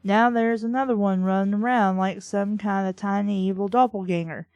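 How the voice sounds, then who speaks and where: A woman's voice: medium pitch, steady tone, moderate pace, darkish tone, dry recording, lightly acted. A woman voicing a teasing, grumbling male police detective while reading a novel aloud, in a wry manner.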